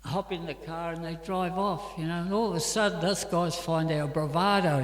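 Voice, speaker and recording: Speaking at a normal speed with few pauses, this Australian-accented class speaker has a fairly high, steady voice. His scripture class in the temple hall is chatty and story-driven, full of fillers, and the room echoes.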